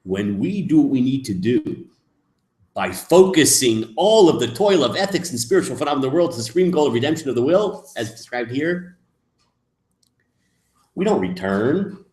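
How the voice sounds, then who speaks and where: Rabbi guy giving a class, slow and emphatic, voice jumps all over, echoey room. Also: medium pitch, sing-song. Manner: emphatic, swings from soft asides to loud stresses. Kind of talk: lecture on Jewish mysticism.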